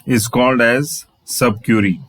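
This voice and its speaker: A man's voice: medium pitch, fairly even intonation, unhurried, a bit bright, dry recording, low-quality recording. A man teaching a programming lesson over his screen, spelling out letters and repeating phrases as he goes. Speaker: programming instructor. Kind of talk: screen-share coding tutorial.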